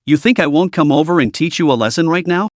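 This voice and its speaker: A male narrator voicing a gruff, scolding old male director who talks in a stern, blustering way. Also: on the high side, quick pace, dry recording, studio quality, close to an everyday voice.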